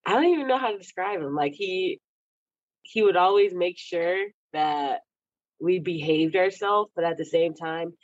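A woman's voice: fairly low pitch, animated, moderate pace, dry recording, dull audio. A young woman from Texas, a guest chatting casually in an interview, laughing often between stories. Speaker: athlete guest.

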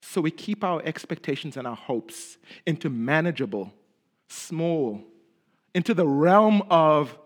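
A man preaching a sermon in an expressive way, often dropping low and quiet at the ends of phrases and repeating words for emphasis. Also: a little slow.

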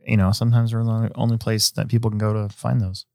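Male podcast host, low voice, dry close sound, casual rambling delivery. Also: quick pace, gravelly, dry recording. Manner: rambling, relaxed, many fillers and restarts. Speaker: hobby shop owner.

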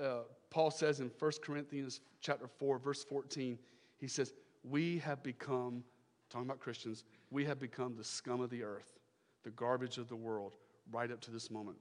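A male pastor preaching a sermon, emphatic, repeating his phrases and swinging from loud declarations to hushed lines. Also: medium pitch, long reverb tail.

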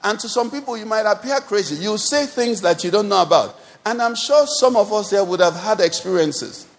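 High-voiced Nigerian pastor preaching. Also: male voice, lively intonation, fairly quick. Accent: Nigerian English. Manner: preaching with rising exhortation, repeated refrains. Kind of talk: sermon. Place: church service.

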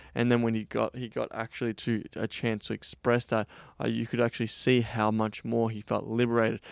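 A man in a casual podcast monologue with a gravelly yet smooth voice that stays flat in pitch. He talks bluntly and profanely and rambles through restarts. The sound is dry and close. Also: no room sound. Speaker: podcast host and sex coach.

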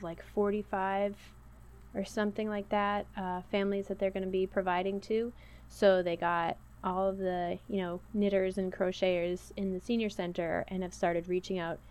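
A woman's voice: on the low side, a little mellow. Chatty, rambling woman co-host. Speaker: podcast co-host. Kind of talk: casual chat.

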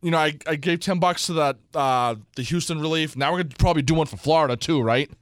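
A man co-hosting a podcast, chatting quickly and agreeably. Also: a little high, no room sound, clean studio sound. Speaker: podcast co-host. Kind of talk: casual chat.

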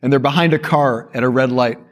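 A male priest speaking to a church audience, telling stories in a lively way with quick asides. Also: mid-range voice.

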